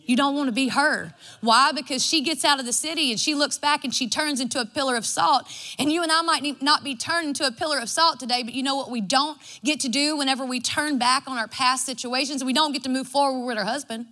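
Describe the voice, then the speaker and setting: A woman's voice: high voice, quick pace, hardly any pauses, pushed and bright. A woman, preaching a devotional sermon in a folksy storytelling way. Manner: folksy and storytelling, acts out her own quotes.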